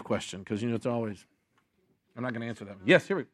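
A man preaching a sermon to a congregation, animated and acting out story voices, restarting his sentences often. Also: medium pitch, very fast, no echo, studio quality. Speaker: pastor. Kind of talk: sermon with audience Q&A.

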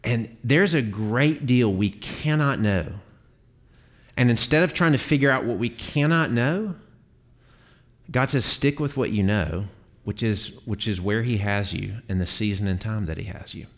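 A low-voiced man leads a Bible class in a classroom. His talk is chatty and relaxed, full of filler words and quick restarts as he explains to the group. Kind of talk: conversational Bible teaching.

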